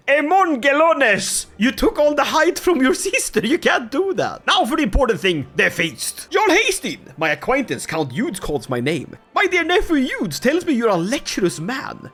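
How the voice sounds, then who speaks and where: Wildly animated man playing a strategy game. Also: extremely high pitch. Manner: excitable, joking, often laughing. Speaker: gaming YouTuber. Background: faint music.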